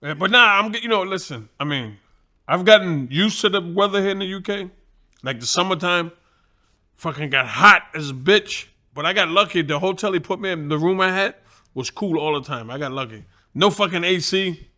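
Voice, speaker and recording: A man with a New York accent, a boxing trainer and guest telling profane, animated stories in casual talk. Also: high-pitched, normal speed. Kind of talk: casual storytelling.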